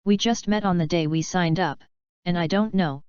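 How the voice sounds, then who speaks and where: A woman's voice: on the low side, normal speed, a little mellow, clean tone, no echo, muffled recording, lightly acted. A woman reading the lines of a flustered teenage schoolboy who hides his powers, in a fanfiction audiobook. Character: teenage boy student hiding secret powers.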